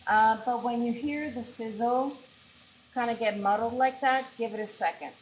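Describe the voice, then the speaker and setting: A woman's voice: fairly high pitch, moderate pace, slight background noise. Woman chef chatting to viewers as she cooks, earbud mic, echoey kitchen, faint sizzle behind. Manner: chatty, talks straight to viewers while cooking. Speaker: chef and host. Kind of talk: casual cooking livestream chat. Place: home kitchen.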